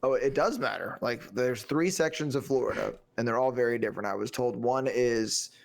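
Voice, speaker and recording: A man's voice: mid-range voice, a little fast, gravelly. A man co-hosting a casual film review podcast, talking loosely, swearing freely and slipping into mock accents. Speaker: podcast co-host.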